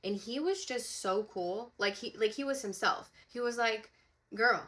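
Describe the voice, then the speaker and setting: Bright-voiced young woman telling a story. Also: fairly high pitch, moderate pace. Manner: emphatic, with frequent "like" and "okay?". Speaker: psychic medium. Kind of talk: casual storytelling to camera.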